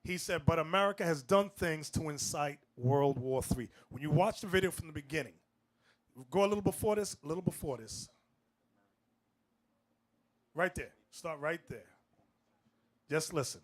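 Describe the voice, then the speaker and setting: Higher-voiced man preaching casually. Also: animated, normal speed, pauses often. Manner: loose and digressive, talking over a played clip. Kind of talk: conversational sermon.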